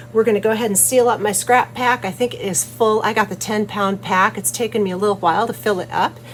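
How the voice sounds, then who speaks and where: A woman's voice: mid-range voice, a little hiss or hum, rough recording. A cheerful, giggly woman chatting casually as she makes soap in her studio and hosts her channel. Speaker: soap maker and channel host. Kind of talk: casual chat while making soap.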